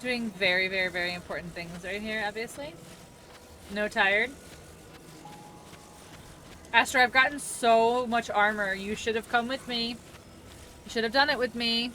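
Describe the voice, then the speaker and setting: A young woman streaming a game at home talks a little fast in a slightly high voice, bright and forceful, over soft background music. She chats loosely with her viewers, rambling, laughing easily and reading chat aloud.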